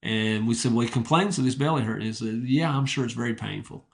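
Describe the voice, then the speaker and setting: Gravelly middle-aged man telling plain stories. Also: mid-range voice, quick pace. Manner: humble, straightforward, rambling anecdotes. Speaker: retired wrestling coach, guest. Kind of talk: casual interview storytelling.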